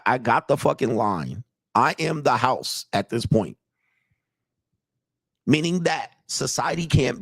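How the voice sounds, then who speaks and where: Older guy coach ranting, gravelly voice, dry close sound, cocky and cussing. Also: medium pitch, dry recording. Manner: blunt, profane, swaggering. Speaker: dating coach reacting to videos. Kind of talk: casual reaction commentary.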